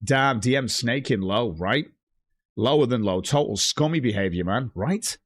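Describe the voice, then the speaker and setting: A man's voice: medium pitch, expressive, moderate pace, dry recording, studio quality. A man ranting on a livestream, blunt and heavily profane, reading out chat messages. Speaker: streamer.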